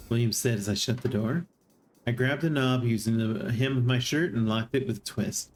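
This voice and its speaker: A streamer reading a text adventure aloud in an even voice, with amused asides now and then. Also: mid-range voice, moderate pace, faint music behind. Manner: reads narration evenly and breaks in with surprised laughing asides.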